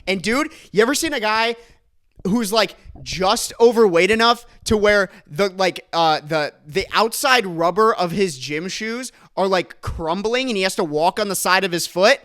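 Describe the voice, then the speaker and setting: A young man telling a comic story as a podcast host, ranting with bursts of laughter and shouting. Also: sits high, normal speed. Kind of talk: comedic storytelling rant.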